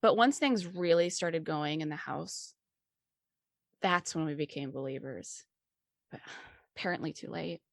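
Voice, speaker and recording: A woman voicing a frightened teenage boy who talks in a trembling, halting way with stammers. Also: sits low, vocal fry, no room sound, clean studio sound. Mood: upset. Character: scared teenage boy, shaky and strung out.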